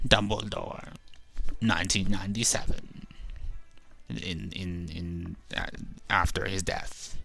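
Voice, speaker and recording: A young Canadian man rambles through casual game commentary in a very deep, gravelly voice with a bright, sharp edge. He stumbles, restarts and swears as he sorts out his thoughts. Faint game music plays behind him. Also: fairly even intonation, takes it slowly. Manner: meandering, stumbling, swears freely, self-correcting. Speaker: let's play streamer.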